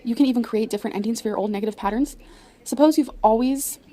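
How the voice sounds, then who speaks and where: A woman's voice: a little high, quick pace, warm tone. A woman vlogger talking casually to her viewers and reading her notes aloud, apologetic and chatty. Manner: apologetic, chatty, giggly asides.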